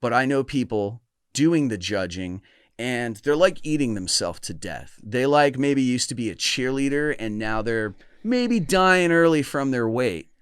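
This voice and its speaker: A middle-aged man with a smooth, resonant voice, recorded close and dry. He hosts a podcast in a reflective, earnest manner. He often restarts and stumbles over his words. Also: medium pitch, big pitch swings, unhurried, no echo. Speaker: podcast host. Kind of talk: casual chat.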